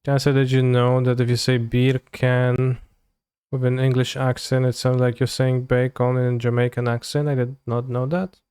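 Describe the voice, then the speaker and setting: Smooth, dry-voiced man streaming a card game. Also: medium pitch, flat delivery, normal speed, darkish tone, no echo. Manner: muttering to himself, loose and offhand, trailing off. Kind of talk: casual live play commentary.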